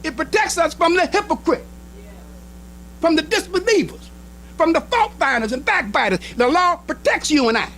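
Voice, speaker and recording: A minister preaching a sermon in an emphatic style, with short repeated phrases and speech. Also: male voice, very high-pitched, animated, moderate pace, fairly bright tone, slight background noise, rough recording. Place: temple hall.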